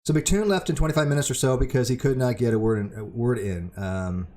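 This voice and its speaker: A man hosting a casual livestream, talking in a rambling, halting way with lots of ums and repeated words. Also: mid-range voice, dark tone. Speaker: channel host; debate show moderator.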